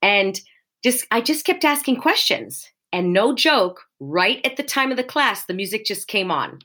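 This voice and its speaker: A woman with a bright, clear voice tells an animated story in a casual chat. Her pitch jumps around a lot as she acts out little quotes. She talks like a spin class instructor sharing a lesson. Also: unhurried.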